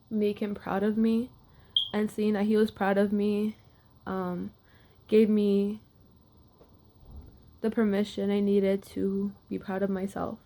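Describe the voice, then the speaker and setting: A woman's voice: medium pitch, a little mellow. A young woman athlete casually telling a personal story to camera, with lots of filler words. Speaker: wrestler.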